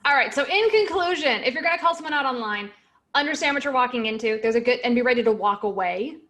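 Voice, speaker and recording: A woman's voice: high-pitched, animated, fast talker, fairly bright tone. A woman co-hosting a sales podcast, giving direct and emphatic advice in a casual chat. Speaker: podcast co-host.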